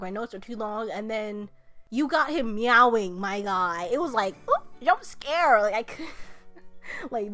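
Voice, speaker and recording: A young woman hosting a casual review vlog of musical songs, talking in a playful, jokey, excitable way. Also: a little high.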